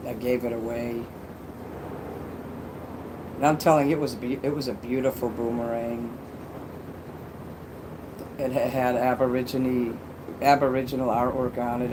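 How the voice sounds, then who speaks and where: A man's voice: mid-range voice, background noise. A man casually chatting on a livestream, reading donations and rambling with crude jokes and many restarts.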